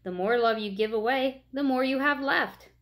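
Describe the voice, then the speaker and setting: Gentle teacher, read by a woman. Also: sits high, normal speed, pitched above the performer's own voice. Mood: tender. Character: kind, gentle woman schoolteacher.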